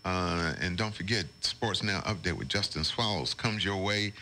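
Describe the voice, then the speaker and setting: A man's voice: low-pitched, moderate pace, pushed and bright, a little hiss or hum. A man hosting a morning radio show, chatting casually and reading station IDs and celebrity birthdays. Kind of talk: casual on-air banter.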